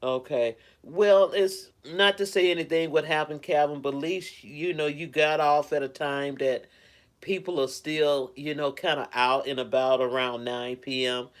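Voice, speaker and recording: A man's voice: on the high side, steady tone, a little slow. Man rambling caringly on a live stream. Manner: rambling, caring, greets viewers by name. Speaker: live streamer reading chat. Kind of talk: casual live-stream chat. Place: at home.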